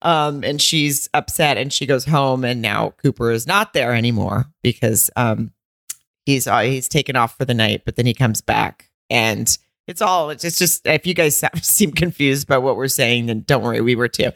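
A woman co-hosting a podcast, recapping a TV series in animated, casual chat full of laughs and quick asides. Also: very deep voice, no echo. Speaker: podcast co-host.

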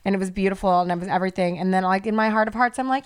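A woman's voice: medium pitch, very fast, clean tone. A woman co-hosting a podcast, ranting heatedly and swearing freely in casual chat. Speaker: podcast co-host.

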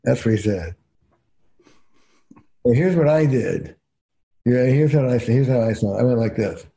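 A man's voice: mid-range voice, moderate pace, gravelly. A man, a couples therapist, telling stories emphatically as a guest on a podcast interview. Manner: emphatic, animated storyteller.

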